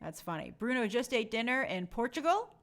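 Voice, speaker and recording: A young woman with a fairly high, somewhat bright, sing-song voice hosts a live stream at a fairly quick pace. In a casual, friendly way, she chats and reads viewers' names and comments aloud.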